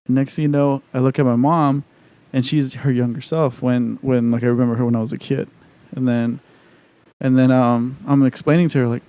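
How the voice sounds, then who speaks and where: Man, podcast co-host, warm dark voice, casual rambling chat, swears a lot. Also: mid-range voice, steady tone, a little fast. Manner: rambling, profane, full of "like" and restarts.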